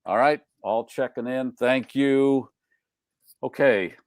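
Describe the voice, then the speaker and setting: A man's voice: mid-range voice, takes it slowly, no room sound. Wisecracking male host, dry studio sound. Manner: wisecracking, reads off listener check-ins. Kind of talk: casual live show banter.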